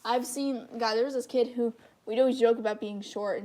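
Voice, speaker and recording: A teenage girl hosts a casual livestream as she works on a drawing. Her voice sits a little high, and she rambles freely, making easy, self-deprecating jokes at her own expense. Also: fairly even intonation, normal speed, dark tone. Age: teens. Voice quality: high-pitched voice. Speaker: channel host.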